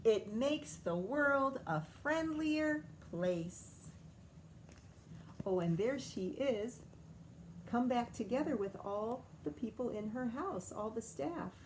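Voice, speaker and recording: Teacher lady reading a picture book to kids, slow and animated, stops to chat about it. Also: on the high side, slight background noise. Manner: expressive, stops to comment and ask questions. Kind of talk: picture-book read-aloud for children.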